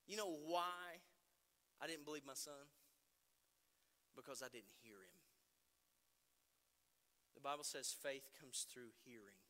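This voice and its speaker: A middle-aged male pastor preaching a sermon, telling stories about himself with animated, self-mocking humor. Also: medium pitch, measured pace, long pauses. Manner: animated, self-deprecating storytelling. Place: church sanctuary. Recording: long reverb in a church hall.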